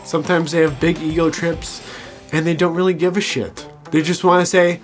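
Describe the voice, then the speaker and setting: Brash male reviewer, high voice, swearing and sneering through a casual show recap. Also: little pitch movement, moderate pace, soft background music. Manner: crude, mocking, swearing, laughing at own jokes. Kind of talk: casual episode recap commentary.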